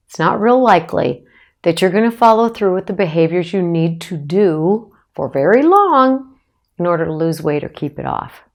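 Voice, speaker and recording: A middle-aged woman psychologist giving a direct-to-camera advice talk, encouraging and emphatic, speaking straight to the listener. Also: medium pitch.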